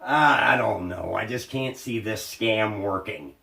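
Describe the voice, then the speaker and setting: A man's voice: fairly low pitch, measured pace, creaky, sharp tone. A man co-hosting a casual movie review podcast, blunt and sweary in his opinions. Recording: roomy, distant mic.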